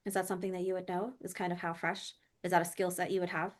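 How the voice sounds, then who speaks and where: A woman narrating as game master of a tabletop role-play, describing scenes with frequent ums and pauses. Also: on the low side, level tone. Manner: descriptive, hesitant with many ums.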